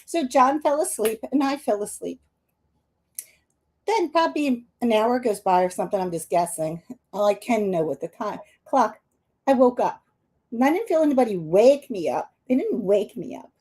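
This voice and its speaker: A woman's voice: on the high side, lively intonation, normal speed, darkish tone, slightly rough. A woman, a psychic medium hosting a live stream, telling a long personal story with many restarts while tearful. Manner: rambling, many restarts and asides to viewers.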